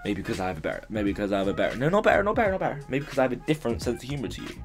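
A man's voice: mid-range voice, very animated, racing, few pauses, soft background music. A young man chats through a casual vlog Q and A from his mother's house. His voice sits mid-range but swings up and down constantly, and he rambles, jokes and swears freely. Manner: jokey, rambling, swears, laughs often. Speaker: YouTuber. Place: room at his mother's home.

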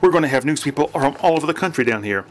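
A man voicing a laconic small-town police chief with a slow, folksy way of talking. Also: fairly high pitch, animated, pitched above the performer's own voice, close to an everyday voice. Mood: dry.

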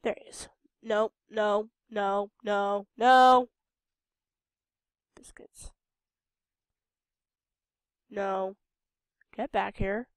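A woman's voice: medium pitch, fairly even intonation, slow, clear, resonant tone, no room sound, studio quality. A tired young woman from Idaho with a Western American accent, rambling through casual gameplay commentary and talking back at the characters on screen. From Idaho, United States. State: tired and a bit sick. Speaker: game video host.

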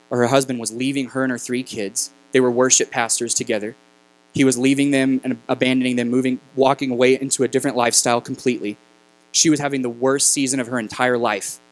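A man in his thirties preaching as a guest speaker, telling a personal story in a halting, conversational way that turns emotional. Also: medium pitch, steady tone, low-quality recording. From New Mexico. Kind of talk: storytelling sermon. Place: church sanctuary.

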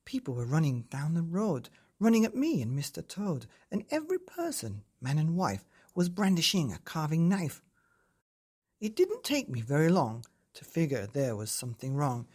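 Low, lively woman reading verse. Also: slightly rough. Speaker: storyteller. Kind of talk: bedtime story reading.

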